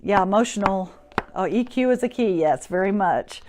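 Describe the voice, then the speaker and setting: A woman's voice: mid-range voice, animated, normal speed, darkish tone, slight background noise. A woman hosting a live-streamed talk, teaching in an encouraging, chatty way and greeting viewers by name. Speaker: host.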